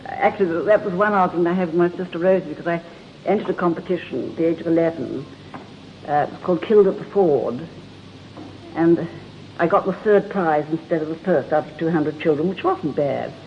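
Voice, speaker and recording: On a talk show, an older woman from England shares stories in a brisk, lowish voice, chatty and often laughing. Faint hiss runs under the dull, lo-fi broadcast audio.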